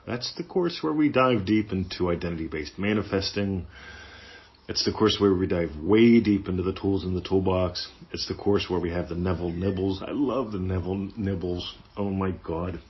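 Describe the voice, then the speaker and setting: A man hosting a podcast, teaching in a casual, playful way and acting out little inner voices. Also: low voice. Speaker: podcast host. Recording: dull lo-fi sound.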